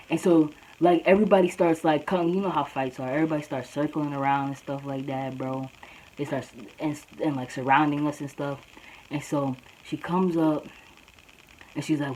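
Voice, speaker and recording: A woman's voice: low-pitched, normal speed, a little hiss or hum, poor audio. A young woman vlogger telling a story in a casual, slangy way, often saying "bro.". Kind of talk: storytime vlog.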